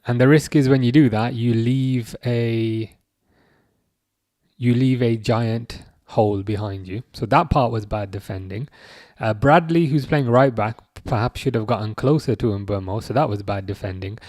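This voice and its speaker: A man's voice: mid-range voice, moderate pace, darkish tone, no echo, clean studio sound. Chatty man streaming match commentary. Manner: reads chat messages aloud and answers viewers; chatty, self-correcting, repeats words. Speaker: live stream host. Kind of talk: casual live chat commentary.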